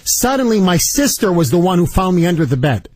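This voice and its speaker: A man hosting a talk radio show, telling stories in an animated, indignant way and taking calls. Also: high-pitched, a little fast, no echo. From Canada. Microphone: studio microphone.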